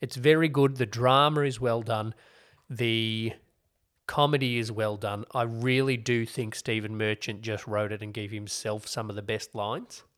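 A man's voice: on the low side, fairly even intonation, a little slow, fairly bright tone. Chatty man reviewing TV. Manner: chatty, explaining at length with wry asides. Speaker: podcast co-host. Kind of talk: casual chat reviewing TV shows.

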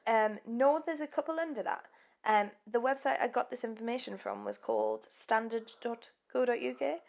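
A woman's voice: fairly high pitch, very animated, normal speed, creaky, darkish tone. Chatty woman telling a story. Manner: chatty, giggly storyteller with many ums. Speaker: podcast co-host. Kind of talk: casual true-crime chat.

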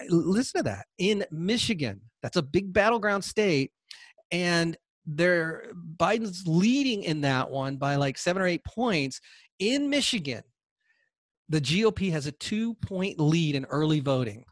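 A man's voice: a little high, no room sound. A man hosting a podcast, delivering a combative, sarcastic political monologue that taunts imagined listeners. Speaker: podcast host.

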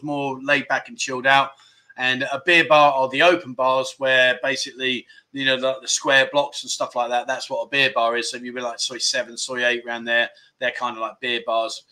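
Reading out viewer comments on his casual livestream, a man jokes around and frequently cracks himself up. His voice is medium in pitch with a sharp edge.

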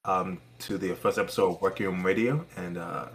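Guy with a lowish voice on a podcast, lots of uhs, trails off, crowd chatter behind. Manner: halting, trailing off with many uhs. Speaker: podcast co-host. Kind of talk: casual podcast chat.

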